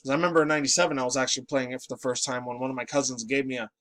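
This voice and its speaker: Fast-talking profane ranting man. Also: medium pitch, fairly even intonation, a bit bright, no echo. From New York City. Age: late 20s. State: groggy, just woken up. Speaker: pop culture vlogger. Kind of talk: casual ranting commentary.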